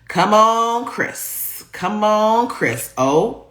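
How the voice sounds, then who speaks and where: A woman's voice: fairly low pitch, lively intonation, moderate pace, bright, forceful tone, a little hiss or hum. A woman hosting a livestream show, hyped and playful as she greets viewers and reads out their comments over a video call. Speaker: host.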